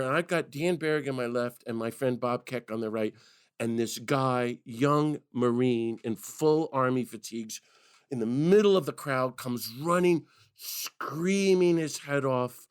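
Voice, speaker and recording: A man, a priest and activist, telling stories on a podcast as a guest, lively and laughing as he goes. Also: mid-range voice, clean tone, no room sound, clean studio sound. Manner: lively storyteller who laughs and acts out quotes. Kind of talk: conversational storytelling.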